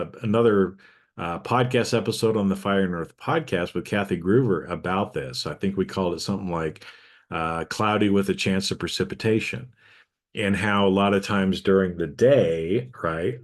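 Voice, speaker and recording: Middle-aged male podcast host, somewhat low voice, easygoing reflective talk that keeps checking in with listeners. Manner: conversational, frequent "okay?" check-ins with listeners. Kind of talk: casual reflective podcast monologue.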